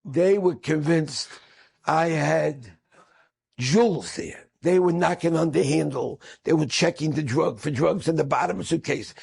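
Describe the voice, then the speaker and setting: Man, middle-aged, storytelling, husky, animated, acts out quoted speakers. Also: fairly high pitch, a little slow. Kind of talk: storytelling talk.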